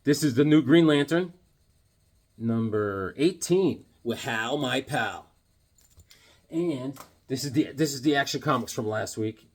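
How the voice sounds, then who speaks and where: A man showing off his comic books in a casual vlog, animated and joking, with corny puns and sudden yelps. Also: medium pitch, a little slow, pauses often, breathy edge. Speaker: comic book vlogger. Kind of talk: casual show-and-tell chat.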